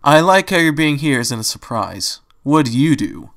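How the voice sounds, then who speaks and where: A man's voice: medium pitch, big pitch swings, normal speed, a bit bright. A man voicing a cocky, chatty young male unicorn who teases his friend in a fan-fiction reading. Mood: teasing. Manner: teasing, chatty.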